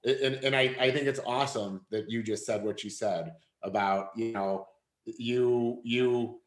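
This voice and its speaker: A man with a Chicago accent hosting an interview, chatty and effusive, often restarting his sentences. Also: on the low side. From Northern Illinois, USA. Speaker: podcast host. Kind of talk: casual conversational interview. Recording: echoey room.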